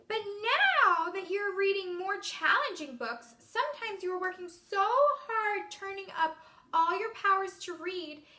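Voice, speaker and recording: An encouraging woman teacher leads a reading lesson for young children in a bouncy, sing-song way. Her voice is very high and bright, with lively swings in pitch. The room around her sounds echoey.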